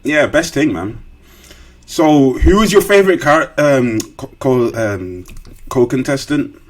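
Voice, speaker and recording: A man's voice: mid-range voice, a little slow. A man hosting a podcast, chatting casually with lots of slang and loose restarts. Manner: relaxed, full of fillers and slang, hesitant restarts. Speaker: podcast host. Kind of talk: casual interview chat.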